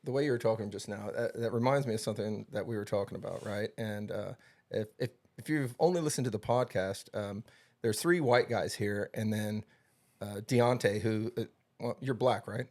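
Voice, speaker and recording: A man's voice: fairly low pitch, normal speed, darkish tone. Rambling man steering a podcast chat. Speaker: podcast host. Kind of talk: casual chat.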